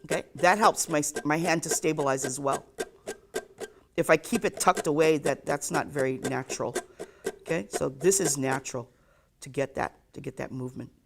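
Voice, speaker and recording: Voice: medium pitch, normal speed, creaky, over music. A ukulele teacher giving a live online lesson, counting beats aloud and checking in with "okay?" after nearly every point.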